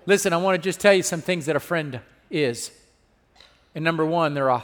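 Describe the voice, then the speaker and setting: Pastor, male, high voice, preaching with "amen?" asides, swings from hushed to loud, long hall reverb. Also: moderate pace, long pauses. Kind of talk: sermon.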